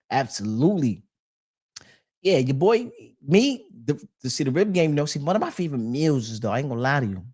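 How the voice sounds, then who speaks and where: A man's voice: mid-range voice, a little mellow. A man hosting a podcast in a loose, slangy casual chat, often restarting his sentences. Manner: loose slangy talk with many restarts and fillers. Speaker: podcast host reading live chat.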